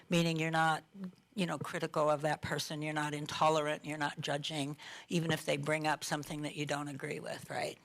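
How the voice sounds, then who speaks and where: A woman's voice: deep voice, completely flat delivery, a little fast. A middle-aged woman minister giving a conversational sermon, asking her listeners questions and laughing lightly now and then. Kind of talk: informal sermon talk.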